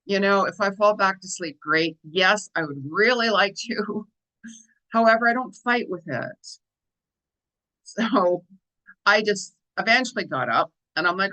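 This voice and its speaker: A woman's voice: mid-range voice, expressive, a little slow, sharp tone, low-quality recording. A middle-aged woman hosting an astrology and tarot show, talking casually with lots of repetition and "you know" and "right?" fillers, a little tired from lost sleep. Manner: chatty, repeats phrases, frequent "you know" and "right?". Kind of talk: casual spiritual monologue.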